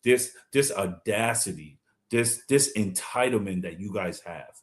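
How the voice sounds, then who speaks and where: A man's voice: lowish voice, unhurried. A man from Liberia giving fiery, combative political commentary on a live stream, speaking emphatically.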